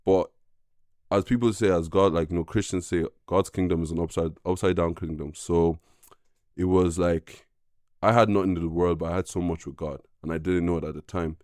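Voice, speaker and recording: A young man, a podcast guest, telling a personal faith story in an earnest, halting way with many fillers. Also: low voice, fairly even intonation, darkish tone, dry recording, studio quality. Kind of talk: casual personal testimony.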